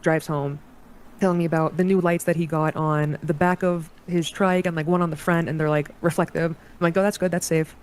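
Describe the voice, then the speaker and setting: A woman's voice: low-pitched, flat delivery, fairly quick. A woman in an interview, recounting a personal story in a hesitant way, with many restarts and quoted bits of dialogue.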